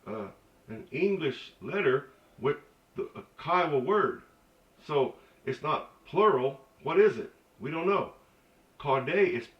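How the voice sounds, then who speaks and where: A man giving a casual spoken language lesson, halting with many fillers and restarts and dropping joking asides. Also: mid-range voice. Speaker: language teacher. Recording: echoey dull recording from a distance.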